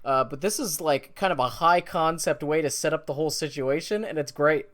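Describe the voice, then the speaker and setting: A man's voice: on the high side, brisk, fairly bright tone. A man co-hosting a podcast, chatting casually in an easygoing way and laughing heartily. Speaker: podcast co-host. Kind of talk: casual chat.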